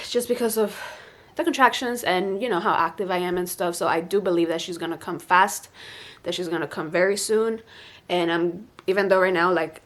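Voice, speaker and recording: A young woman talking straight to her camera in a casual vlog. Her voice sits a little low for a woman. She chats excitably and fills her talk with likes and you-knows. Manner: chatty, filler-heavy, excitable. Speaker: vlogger.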